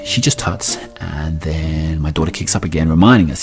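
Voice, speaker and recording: Wry deep-voiced dad telling a story. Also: male voice, normal speed, music in the background. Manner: wry, self-mocking. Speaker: storyteller, father. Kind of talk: comic personal story.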